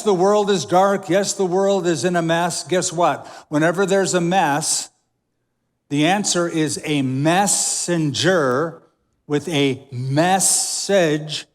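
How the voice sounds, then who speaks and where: A man preaching a sermon as pastor, emphatic, with dramatic pauses, in a large church auditorium. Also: a little high. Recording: long hall reverb.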